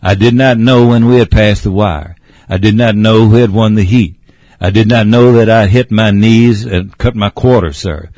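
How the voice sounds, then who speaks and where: A man's voice: lowish voice, normal speed, darkish tone, no echo, close to an everyday voice. A man voicing an old male cab horse with a gurgling voice, telling his tale politely and addressing the listener as sir. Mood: proud. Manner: polite, says sir often.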